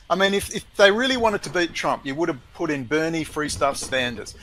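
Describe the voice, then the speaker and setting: A man's voice: fairly high pitch, expressive, fairly quick, few pauses, a bit bright, a little hiss or hum, poor audio. A man ranting emphatically and scornfully in a heated conversation, with many restarts.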